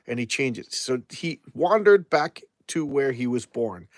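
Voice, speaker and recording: A man's voice: medium pitch, moderate pace, dry recording. A man reviewing comic books in a casual live chat, rambling and often repeating and restarting his words.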